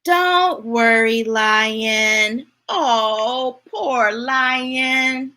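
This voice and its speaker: A woman reading picture books aloud to children in a playful, expressive way, asking her listeners questions. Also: a little high, drawn-out words. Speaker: storytime reader.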